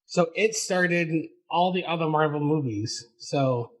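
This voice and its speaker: Rambling, higher-pitched man. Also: measured pace, low-quality recording. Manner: rambling storyteller, laughs often. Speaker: podcast host. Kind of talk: casual podcast chat.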